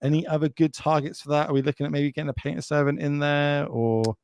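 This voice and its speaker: A man's voice: on the high side, little pitch movement, fast talker, darkish tone, clean tone, dry recording. Chatty British man commentating. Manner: chatty and jokey, addressing viewers directly. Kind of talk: live card game commentary.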